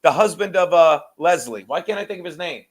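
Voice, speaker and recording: A man hosting a casual podcast, his voice sitting high for a man. He rambles and curses freely and laughs often, losing his thread as he goes. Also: animated, fairly quick. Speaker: podcast host. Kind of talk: casual chat.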